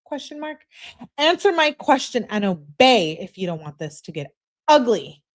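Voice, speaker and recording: A stern, domineering man handing out orders and demanding answers, read aloud by a woman. The voice is commanding and firm, with no softness in it. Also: fairly high pitch, sing-song, moderate pace, pitched above the performer's own voice.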